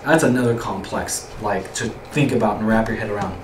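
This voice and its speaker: A young man leading a youth group teaches in a loose, chatty way, with a fairly low voice and a fairly quick pace. He rambles, repeats words, and poses questions to the group. He is recorded from across the room, with a roomy echo and faint background noise.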